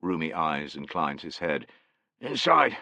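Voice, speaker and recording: Low-voiced guy reading a war epic audiobook, super lively pitch, close dry mic. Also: moderate pace, no room sound. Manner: expressive, voices each character. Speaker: audiobook narrator. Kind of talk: dramatic audiobook narration.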